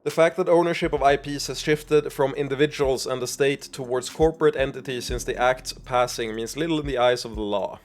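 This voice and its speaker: A man's voice: medium pitch, brisk, few pauses. A man streaming a video game, chatting casually, swearing a lot and reading game text aloud.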